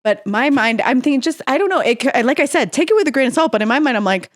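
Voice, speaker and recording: A woman's voice: high voice, animated, fast, no echo, studio quality. Frank, laughing woman podcast co-host. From United States. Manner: laughs often, frank and playful. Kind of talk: casual comedic chat.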